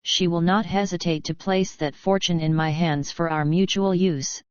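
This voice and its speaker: Earnest princely uncle, read by a woman, quiet, determined, audiobook, smooth tone, lo-fi. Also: fairly low pitch, steady tone, normal speed, dry recording, natural voice. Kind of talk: audiobook character reading.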